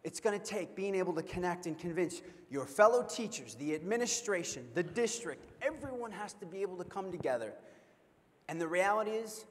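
A young man giving a keynote speech at a convention, telling a funny story in an animated way and asking the audience questions. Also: sits high, brisk. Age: young adult. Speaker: keynote speaker. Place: large convention hall. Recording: long hall reverb.

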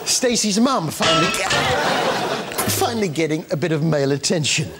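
A man's voice: fairly high pitch, lively intonation, normal speed, loud music behind the voice. A man hosting a comedy show, giving giggly, mock-indignant commentary on TV clips. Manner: zany, giggly, mock-indignant, bursts into squeals.

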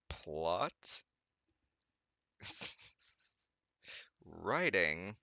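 Man, low-ish voice with a bright, forceful edge, reading aloud in a dry home studio and mocking the text as he goes. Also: measured pace, dry recording. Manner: stumbling over words, frequently laughing and groaning. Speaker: YouTuber reading fanfiction aloud. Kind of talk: comedic reading with sarcastic commentary.

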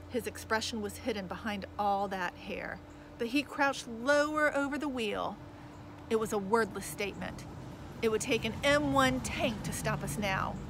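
Bright-voiced woman reading a kids' novel. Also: mid-range voice, a little hiss or hum, poor audio. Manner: lively, expressive first-person storytelling. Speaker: audiobook reader. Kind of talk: reading a children's novel aloud.

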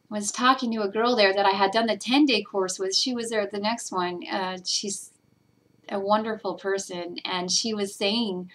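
A woman's voice: medium pitch, fairly bright tone. A woman vlogger talking casually and earnestly about meditation, getting emotional as she rambles with fillers. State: teary. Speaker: spiritual vlogger. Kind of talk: casual personal talk.

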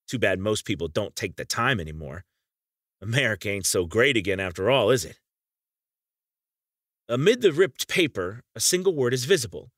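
A man narrates a first-person audiobook in a bitter, menacing tone, speaking directly to the listener. His pitch leaps high and drops low through every sentence. The recording is dry, with no room sound. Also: fairly bright tone, dry recording.

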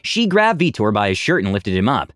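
A man narrating a story with lively pitch. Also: fairly quick, no room sound, clean studio sound.

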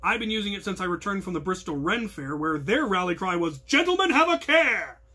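A man's voice: high voice, fast talker, husky. A man leading a crew, giving an earnest instructional talk that explains its protocols. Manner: earnest, explanatory, with bursts of loud call-outs. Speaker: captain of a hobby combat crew, instructor.

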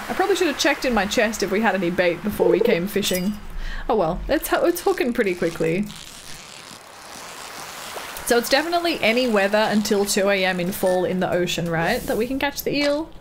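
While streaming a game, a woman with a slightly high voice chats casually with her viewers and laughs often. Background noise can be heard.

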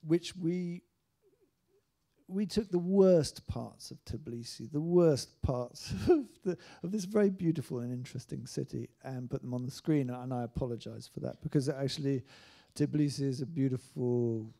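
Very dark-voiced hesitant man. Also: medium pitch, normal speed, gravelly. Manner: hesitant, with frequent restarts and fillers. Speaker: writer-director guest. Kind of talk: onstage panel discussion.

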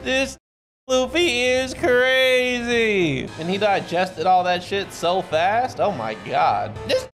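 High-voiced, excitable, profane male streamer. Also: slow, soft background music. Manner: excitable and profane, with sudden shouted outbursts. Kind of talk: casual live-stream reaction.

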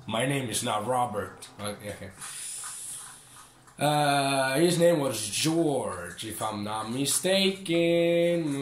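A man's voice: mid-range voice, lively intonation, takes it slowly, echoey room, slight background noise. A young man giving casual gameplay commentary, joking, swearing and taunting the enemies on screen. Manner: profane, joking, talks to the game's enemies. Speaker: gaming channel host.

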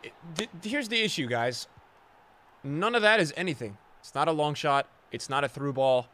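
A man streaming live gameplay commentary, sarcastic and bantering and often yelling at the game. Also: a little high, expressive, normal speed. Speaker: gaming streamer.

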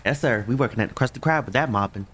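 A man's voice: mid-range voice, very fast, noisy background. Jumpy man narrating a horror game. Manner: jumpy, talks to viewers, yelps when startled. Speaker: gaming channel host. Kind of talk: horror game let's play commentary.

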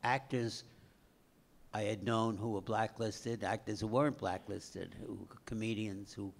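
Gravelly older man, halting recollection. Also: fairly low pitch, steady tone, slight background noise. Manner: slow, halting, with many "uh" pauses. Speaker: screenwriter guest. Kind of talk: reminiscing on stage.

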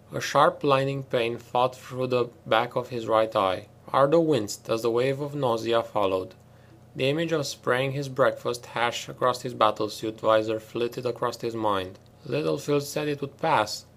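Amateur male audiobook narrator, mid-pitched, steady, measured, home-recorded. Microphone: self-made home recording.

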